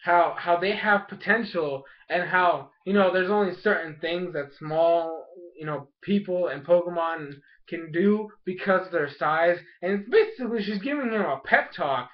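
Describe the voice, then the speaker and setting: A young man with a fairly high voice talks through an episode recap in a loose, rambling way, slipping into the characters' lines as he goes. The recording sounds dull and lo-fi. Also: normal speed. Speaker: anime episode reviewer. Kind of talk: casual spoken review.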